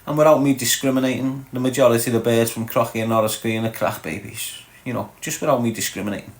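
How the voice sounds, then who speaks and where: A man's voice: medium pitch, steady tone, quick pace. A man with a Liverpool Scouse accent hosting a livestream, bantering crudely and teasing viewers as he reads the chat. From Liverpool, England. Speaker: livestream host reading chat. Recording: echoey room.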